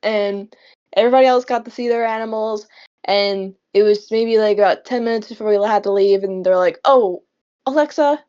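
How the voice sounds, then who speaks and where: A woman's voice: mid-range voice, normal speed, darkish tone, clean tone. A young woman in casual chat as a podcast co-host, telling rambling stories with frequent laughs. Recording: dull lo-fi sound.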